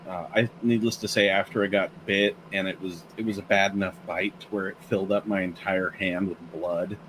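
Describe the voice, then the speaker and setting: A man's voice: sits low, fairly even intonation, a little fast, background noise. A man co-hosting a casual chat, telling his story in a plain, matter-of-fact way.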